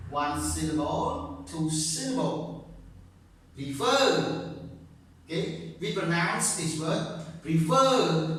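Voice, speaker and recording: A male English teacher giving a grammar lesson, speaking slowly and repeating points, checking "okay?" often, with non-native grammar. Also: high-pitched, a bit bright, a little hiss or hum. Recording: very echoey room, distant mic.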